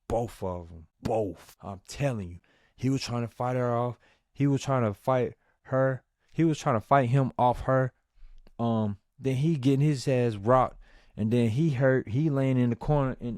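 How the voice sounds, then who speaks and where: A man giving a casual movie review, telling the story in a lively, slangy, profane way. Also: medium pitch, no echo, clean studio sound.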